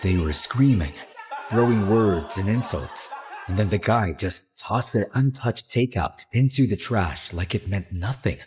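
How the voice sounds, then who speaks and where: A man voicing a husky low-voiced sarcastic young guy. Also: measured pace. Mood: reflective. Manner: dry teasing, turning quietly reflective. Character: blunt, sarcastic young man, soft inside. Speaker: voice actor. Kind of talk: animated story dialogue.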